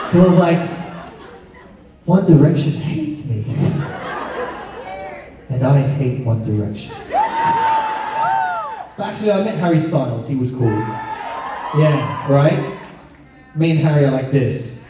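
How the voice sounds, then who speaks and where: A man's voice: medium pitch, warm tone, slight background noise. A man answering fan questions at a convention panel, joking and laughing often. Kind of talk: casual panel Q&A with fans. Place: large convention hall. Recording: echoey hall, picked up from far off.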